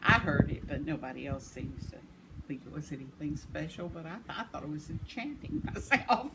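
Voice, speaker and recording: A woman's voice: deep voice, animated, moderate pace. Chuckling older woman, rambling. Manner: rambling, chuckling, self-deprecating. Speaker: vlogger. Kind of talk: casual storytelling. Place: home. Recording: noisy home recording.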